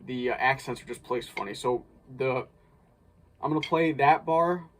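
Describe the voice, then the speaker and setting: A man's voice: medium pitch, moderate pace, noisy background. Casual man explaining a drum part. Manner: relaxed, thinks aloud with restarts. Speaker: drumline instructor. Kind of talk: casual instructional breakdown.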